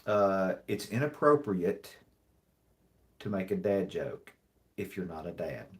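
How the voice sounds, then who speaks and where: A man hosting a live stream, reading jokes aloud in a dry, deadpan way and rambling with many restarts and apologies. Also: sits low, slow. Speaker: livestream host. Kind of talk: casual livestream chat, reading jokes aloud.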